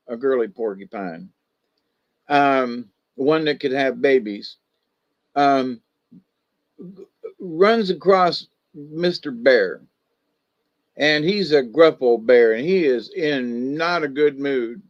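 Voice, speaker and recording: Slow, gravelly folksy storyteller man. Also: a little high, no room sound, dull audio. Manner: rambling, folksy, many asides. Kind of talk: casual spoken storytelling.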